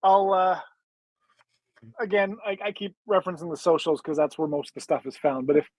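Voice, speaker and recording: A small business owner appearing as a podcast guest, pausing often with fillers. His voice sits a little higher than most men's. The recording is dry and close, with no room sound. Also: darkish tone, no echo, rough recording. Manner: halting, full of filler words. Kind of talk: casual podcast chat.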